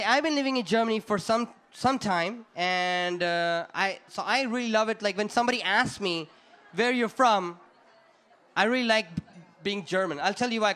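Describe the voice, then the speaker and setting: A young man from India, doing a lively stand-up comedy set and acting out the people in his stories. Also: sits high. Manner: animated storyteller who acts out the people in his stories.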